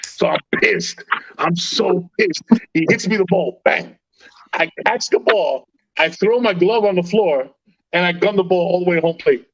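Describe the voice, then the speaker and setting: Animated, slangy man telling stories. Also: sits high, measured pace, dry recording, lo-fi sound. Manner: animated, slangy storytelling with swearing. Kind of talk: casual sports chat.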